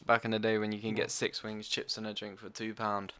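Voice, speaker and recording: A man with a bright, sharp voice, chatting in casual slang on a podcast. He laughs easily and pokes fun at his own slip-ups. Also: fairly low pitch, monotone, a little fast, clear, resonant tone. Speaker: podcast co-host. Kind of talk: casual chat.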